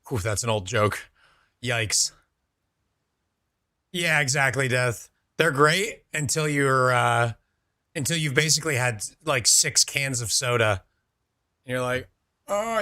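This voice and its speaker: Bright-voiced male gaming streamer. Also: mid-range voice, dry recording, studio quality. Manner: chatty, reads out and answers chat, laid-back. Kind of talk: casual chat with viewers while gaming.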